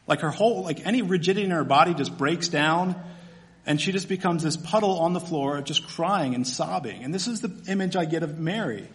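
Conversational man preaching, slightly high. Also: brisk, a little hiss or hum. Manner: conversational, animated storytelling with fillers. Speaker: pastor. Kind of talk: sermon.

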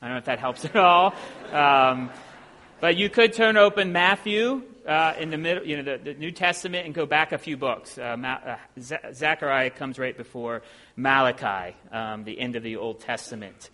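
A man from Ohio preaching as a visiting preacher, talking in a relaxed, self-deprecating way with plenty of ums. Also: mid-range voice, moderate pace. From Ohio, USA. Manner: conversational and self-deprecating, with many filler sounds. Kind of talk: sermon. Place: church sanctuary. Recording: long hall reverb in a church.

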